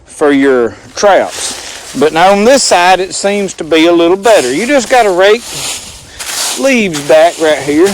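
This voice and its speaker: A man's voice: high-pitched, slight background noise. A man, rambling folksy as he talks to the viewer through a camera mic outdoors in the woods. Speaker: outdoor vlogger. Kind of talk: casual outdoor demonstration. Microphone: handheld camera mic.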